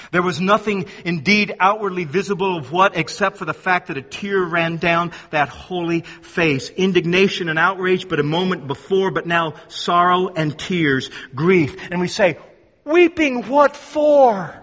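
High-voiced preacher in a reverberant hall. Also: male voice, moderate pace. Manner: dramatic, swings between loud emphasis and hushed low tones. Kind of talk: sermon.

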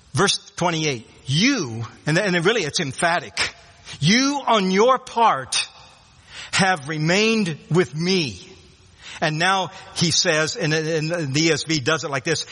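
A man preaching a sermon, earnest and emphatic, dropping from loud declarations to hushed tones. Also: a little high. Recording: long hall reverb.

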